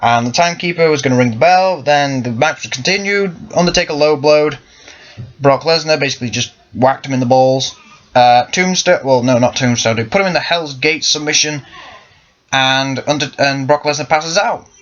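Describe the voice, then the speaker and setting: A man's voice: mid-range voice, normal speed, a bit bright. A young man giving casual, rambling commentary on wrestling, often correcting himself. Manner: rambling, with frequent self-corrections. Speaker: wrestling fan vlogger. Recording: lo-fi muffled sound.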